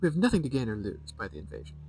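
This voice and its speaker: A man's voice: mid-range voice, wildly swooping pitch, creaky, a little mellow, distant mic, a little hiss or hum, pitched above the performer's own voice. A man doing a proud aloof mystic elder. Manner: proud, measured. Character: proud, aloof male mystic order leader.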